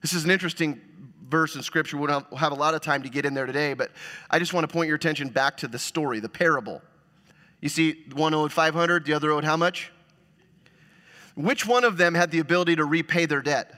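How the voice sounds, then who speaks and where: A man preaching a sermon as pastor, swinging between loud exclamations and soft, hushed lines. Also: on the high side, fast. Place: church sanctuary.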